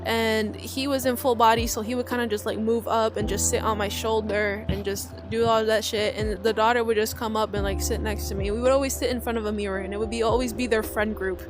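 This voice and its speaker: A woman's voice: fairly high pitch, steady tone, brisk, few pauses, music in the background. A young woman in casual storytelling to a group, talking in a rambling, profane way with frequent restarts. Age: young adult.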